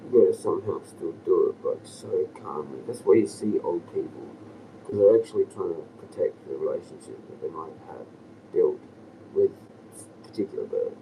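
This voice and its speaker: A man with a deep voice rambles to his live-stream viewers, chuckling and slipping into whispers. His delivery swings up and down a lot. He sounds set back from the mic, with steady outdoor noise all around. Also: moderate pace, distant mic. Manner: loose and chuckling, often dropping to a whisper. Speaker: livestreamer.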